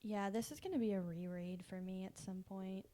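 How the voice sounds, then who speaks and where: A woman's voice: mid-range voice, fairly even intonation, normal speed, warm tone. A woman co-hosting a podcast in an easygoing book chat. She moves the conversation from point to point and laughs lightly along the way. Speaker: podcast co-host. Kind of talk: casual book discussion.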